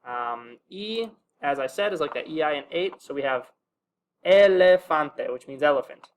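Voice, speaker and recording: A young man teaching a casual video lesson in a relaxed way, with many fillers, slowing down to sound out each example word. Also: medium pitch. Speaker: language teacher.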